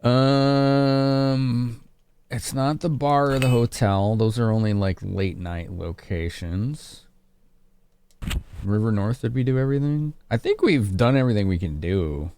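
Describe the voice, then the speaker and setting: A man's voice: mid-range voice, a little slow, a little mellow, slight background noise. A man from Chicago streaming a game live, chatting casually with his viewers. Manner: casual, chatty, laughing with chat.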